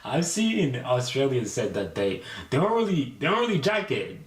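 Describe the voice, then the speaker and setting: A man giving animated reactions with laughing asides. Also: mid-range voice, normal speed, distant mic. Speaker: video reactor. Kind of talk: casual reaction commentary. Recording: echoey room, faint noise.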